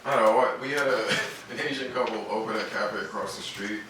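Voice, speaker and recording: A man in his thirties doing a stand-up comedy set on a club stage, with punchy, animated and crude delivery. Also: fairly low pitch, a little fast. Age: 30s. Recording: noisy distant club recording with loud hall echo. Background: audience laughter.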